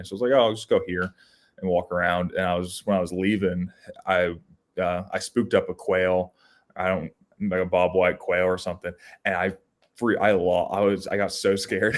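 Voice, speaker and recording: A young man co-hosting a podcast, telling casual outdoor stories with lots of restarts and fillers. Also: sits low. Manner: rambling, animated storytelling with many restarts. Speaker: podcast co-host. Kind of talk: casual storytelling chat.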